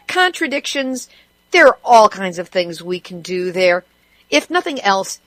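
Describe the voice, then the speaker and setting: A woman's voice: medium pitch, a bit bright, no echo. Wry, sarcastic woman radio host. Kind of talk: scripted news commentary with sarcastic asides.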